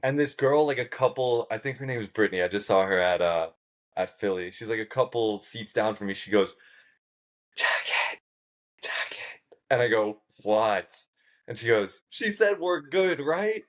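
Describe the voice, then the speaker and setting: A man who is a podcast guest, telling a story in a casual, animated way, swearing freely and acting out what others said. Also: lowish voice, fairly quick. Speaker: podcast guest, game show contestant.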